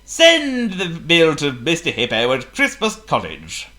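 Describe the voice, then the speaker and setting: Narrator putting on a plump boastful potto, high and loud, bright grand voice, storybook. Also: unhurried, heavily acted. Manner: grand, excitable, whooping. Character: greedy boastful potto, male, plump and pompous.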